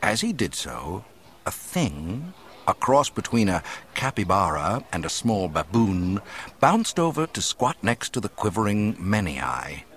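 Low-voiced, expressive male storyteller. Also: measured pace. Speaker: audiobook narrator. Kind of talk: scripted narration.

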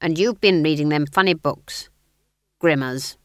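A woman voicing a cheerful, homely older witch with a folksy, drawn-out way of talking. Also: lowish voice, very animated, fairly bright tone, no room sound, studio quality, voice pushed up, exaggerated voice.

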